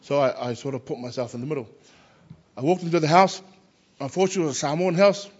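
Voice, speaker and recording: A man, a Christian chaplain, telling lively personal stories and acting out the voices of the people in them. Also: a little high, quick pace, slightly rough, highs cut off. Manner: animated anecdotes, acts out quoted voices. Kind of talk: personal storytelling.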